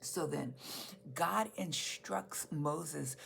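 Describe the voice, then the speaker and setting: A woman's voice: sits low, extremely slow, gravelly, fairly bright tone, a little hiss or hum. A woman pastor preaching a sermon to her church in an earnest, emphatic way, repeating key phrases.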